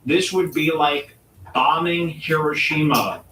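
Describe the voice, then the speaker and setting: A man hosting a comedy show and delivering a provocative, mock-serious rant with dramatic pauses. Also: on the high side, pushed and bright, slight background noise. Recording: roomy echo, distant mic.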